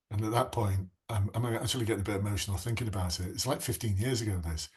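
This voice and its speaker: A man's voice: on the low side, steady tone, fast, a little mellow, husky. A man, coaching police recruits in a live online class and telling stories earnestly and passionately, with frequent restarts.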